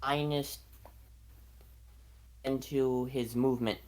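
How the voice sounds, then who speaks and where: A woman's voice: rumbling low, steady tone, slow, darkish tone. A woman playing a warlock in a tabletop game, matter-of-fact as she explains her moves. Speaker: player. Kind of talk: tabletop game play on a stream.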